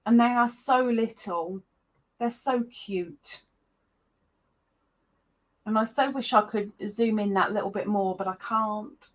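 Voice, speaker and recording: A woman hosting a casual livestream chat, greeting viewers by name with excited jumps in her voice. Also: medium pitch, takes it slowly, pauses often. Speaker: livestream host.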